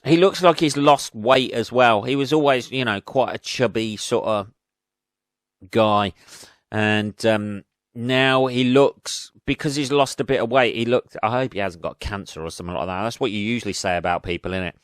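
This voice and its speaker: Sweary, self-mocking comedian with a smooth voice. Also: male voice, medium pitch, steady tone, normal speed, a bit bright, no room sound, studio quality. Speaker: comedian and podcast host. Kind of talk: rambling casual monologue. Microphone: studio podcast mic.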